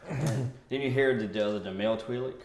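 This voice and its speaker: A man's voice: medium pitch, moderate pace. A man running a tabletop game as game master, narrating the action with laughs and sound effects. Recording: roomy with faint noise.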